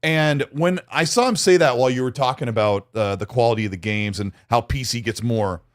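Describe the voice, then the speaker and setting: A man co-hosting a gaming podcast in casual chat, lively, with stammering restarts and quick laughs. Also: medium pitch. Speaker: podcast co-host.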